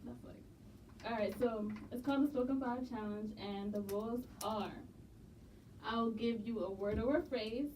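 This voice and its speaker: A woman's voice: a little high, warm tone. A woman hosting a casual interview, asking short questions and fighting off giggles. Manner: slow, giggly, short prompts. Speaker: interview host. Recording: distant mic with faint noise.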